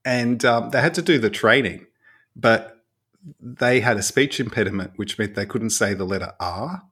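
A man, a radiologist guest on a podcast, telling stories in a relaxed, chatty way. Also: fairly low pitch, normal speed, breathy edge. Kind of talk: casual podcast chat.

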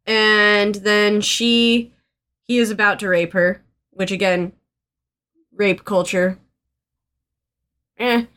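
Bright-voiced chatty woman podcaster. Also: medium pitch, fairly even intonation, slow pace, long pauses, clear, resonant tone. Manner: chatty, sprinkled with "like" and "um"; earnest and sentimental. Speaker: podcast co-host. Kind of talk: casual movie-recap chat.

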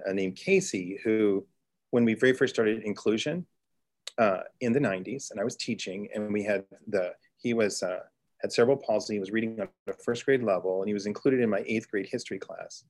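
A middle-aged man from Texas, a teacher telling a classroom story in an interview, earnest, with restarts and excited bursts. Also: fairly low pitch. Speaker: teacher and author guest. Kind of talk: storytelling in conversation.

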